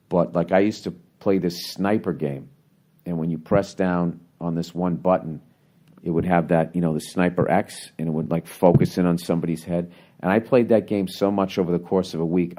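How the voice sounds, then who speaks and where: With a low, warm voice, a middle-aged podcast host from the United States responds to a listener's letter, his casual advice blunt, heavy on swearing and full of rambling asides.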